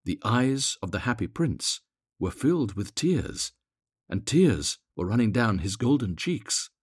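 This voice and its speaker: A man reading a fairy tale aloud, expressive and gently dramatic. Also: fairly low pitch, unhurried, husky, no echo, clean studio sound. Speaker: narrator.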